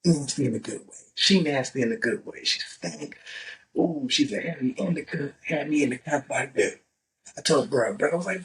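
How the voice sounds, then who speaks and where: A man's voice: on the high side, animated, moderate pace, vocal fry, distant mic, poor audio. Man talking casually on a podcast. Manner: profane, emphatic, repeats "right?". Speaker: podcast host. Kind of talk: casual monologue.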